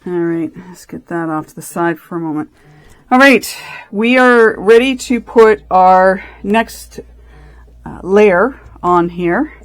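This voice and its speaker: A woman's voice: lowish voice, slow pace, no room sound. A woman vlogging as she makes a resin craft, chatting casually, rambling and correcting herself as she thinks aloud. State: out of breath.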